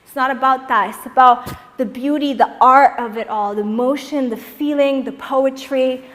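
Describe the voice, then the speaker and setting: A young woman teaching a dance tutorial, energetic and encouraging, counting the beats aloud in a dance studio. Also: sits high, moderate pace, long reverb tail. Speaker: dance instructor.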